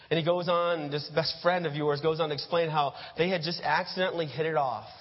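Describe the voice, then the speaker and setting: Male preacher, second-person storytelling sermon; slightly high voice, dull recording from a church hall. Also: fairly even intonation, normal speed. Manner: addresses listeners as "you", acts out scenes.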